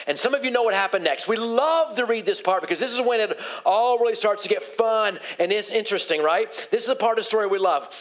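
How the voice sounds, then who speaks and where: High-voiced male preacher, conversational. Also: fast talker, hardly any pauses, a bit bright. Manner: conversational, asks the congregation questions. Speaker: pastor. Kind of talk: sermon.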